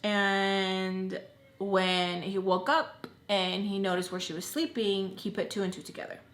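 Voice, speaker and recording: A young woman vlogger telling a personal story in casual chat, animated and full of filler words. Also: mid-range voice, a little slow. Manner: chatty, animated, lots of "like" fillers. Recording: roomy echo.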